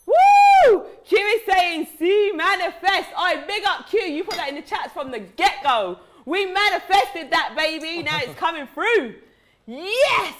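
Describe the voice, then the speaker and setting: A woman hosting a live watch-along chat, excitable and laughing a lot. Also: very high voice, measured pace, background noise. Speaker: host.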